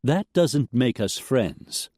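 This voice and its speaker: A man's voice: mid-range voice, animated, slow, a little mellow, breathy edge, dry recording, clean studio sound, voice pushed up. A man voicing a cold, clipped widowed woman who owns a ranch.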